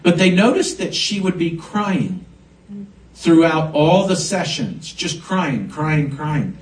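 In a church sanctuary, a pastor preaches a sermon, leaning hard on key words and letting them swell. His voice is slightly high with lively intonation and a slow pace, picked up by a distant mic in an echoey room.

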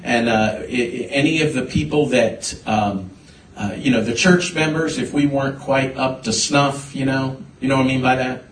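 A man preaching a sermon, telling a personal story with halting restarts before building to emphatic points. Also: medium pitch, a little hiss or hum. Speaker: pastor. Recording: echoey hall, voice from a distance.

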